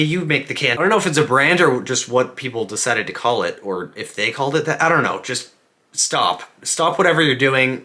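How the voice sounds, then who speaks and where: Young male vlogger, bright tense tone, animated joking rants, casual. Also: mid-range voice. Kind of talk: casual comedic vlog monologue.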